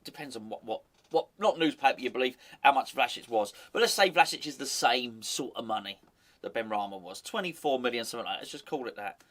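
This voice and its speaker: Chatty opinionated football fan host. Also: male voice, mid-range voice, animated, fast talker, fairly bright tone. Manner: chatty, opinionated, wry asides. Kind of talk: casual fan commentary.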